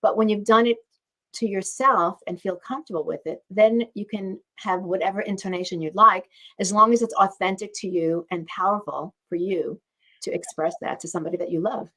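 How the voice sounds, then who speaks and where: A woman's voice: mid-range voice, brisk, a bit bright. A woman hosting a wellness talk, explaining earnestly and repeating phrases for emphasis. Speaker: host and doctor.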